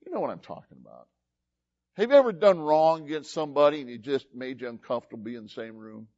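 A man preaching a sermon, folksy and animated, telling stories and quoting scripture. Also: medium pitch, fast talker, no echo, muffled recording. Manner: animated, folksy storytelling with laughs and quoted voices. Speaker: pastor.

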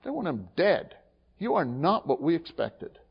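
A male pastor preaching a sermon in an animated way, swinging from hushed asides to emphatic, acted-out dialogue, recorded in a church sanctuary. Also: fairly high pitch, measured pace, creaky, slightly rough. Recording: dull lo-fi sound with long hall reverb.

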